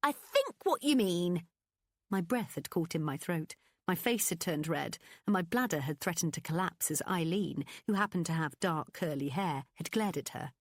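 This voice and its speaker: A woman reading a first-person novel aloud as an audiobook narrator, in an expressive, confiding storytelling manner. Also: low-pitched, moderate pace, dry recording, studio quality.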